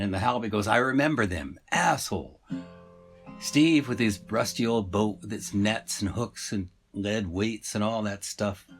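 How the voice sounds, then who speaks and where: A man casually retelling a story, meandering and full of asides and fillers. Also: on the low side.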